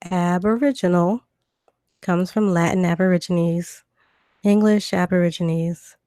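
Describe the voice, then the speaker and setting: Low-voiced Southern woman, chatty livestream. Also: a little mellow, no echo, clean studio sound. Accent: Southern US, Virginia with Georgia twang. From Virginia and Georgia, USA. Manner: chatty, loose, many fillers and restarts. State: recovering from illness. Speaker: livestream host. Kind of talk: casual live stream talk, reading definitions.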